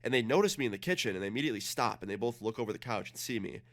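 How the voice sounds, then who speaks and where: Young male streamer, low voice, rapid profane storytelling while gaming. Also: expressive. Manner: fast, profane, acts out dialogue. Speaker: game streamer.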